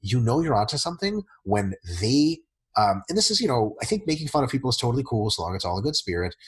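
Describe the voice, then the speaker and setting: A man coaching in a casual podcast Q&A, talking in a profane, animated way and acting out his clients in quick voices. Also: medium pitch, breathy edge, rough recording. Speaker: fitness coach answering listener questions.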